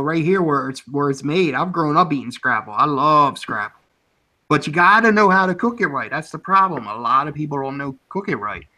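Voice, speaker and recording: A man's voice: on the high side, bright, forceful tone. Chatty, rambling man from the Philadelphia area. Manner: rambling, chatty and often laughing. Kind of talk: casual chat.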